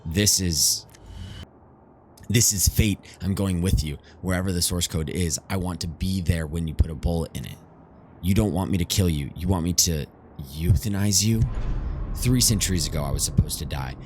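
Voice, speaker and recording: A menacing undying male killer who wants to finally die, as a man reads him. His voice sits very low and he speaks in a grim, measured way. A faint hum sits behind it. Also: close to an everyday voice.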